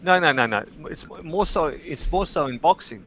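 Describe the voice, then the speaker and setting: Man, livestream host, slightly high voice, swears a lot, animated storytelling. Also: moderate pace, rough recording. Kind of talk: casual chat.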